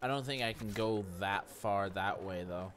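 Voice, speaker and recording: A man's voice: fairly low pitch, a bit bright. A man giving casual commentary while playing a video game, talking to himself and his chat. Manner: chatty, talks to himself and chat, quick reactions. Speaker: let's play streamer.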